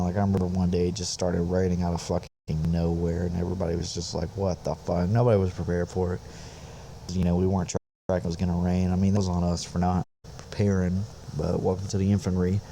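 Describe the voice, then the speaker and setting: A young man who hosts a podcast and served as an infantry soldier tells a rambling, profane army story in a laid-back, casual way. His voice is low and warm, with a little hiss or hum in the recording.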